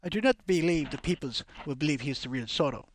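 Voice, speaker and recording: A man's voice: on the high side, expressive, fast, no echo, pitched below the performer's own voice. A man voicing a stern Spanish nobleman who speaks in a stiff, formal way. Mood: haughty.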